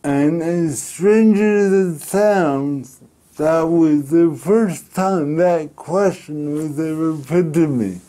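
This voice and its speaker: Middle-aged man, from Canada, slow deliberate storytelling, mellow low tone. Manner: slow, deliberate speech with pauses and restarts. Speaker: interviewee. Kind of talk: reflective storytelling.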